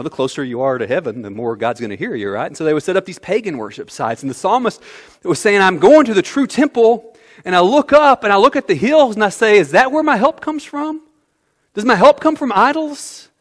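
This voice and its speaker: A man preaching a sermon as pastor, animated, swinging from quiet asides to loud outbursts. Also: fairly high pitch. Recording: long hall reverb.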